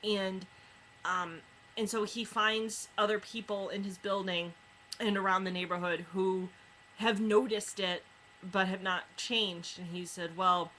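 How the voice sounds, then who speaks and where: A woman reviewing books in a casual chat, retelling stories with lots of fillers and quick asides. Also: mid-range voice, steady tone, sharp tone, a little hiss or hum, low-quality recording. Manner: chatty retelling with many fillers. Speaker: book reviewer.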